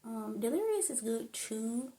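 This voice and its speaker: A woman's voice: a little high, big pitch swings, unhurried, warm tone. A woman in casual chat about stand-up comedy, rambling off on tangents with frequent laughter. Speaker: vlogger.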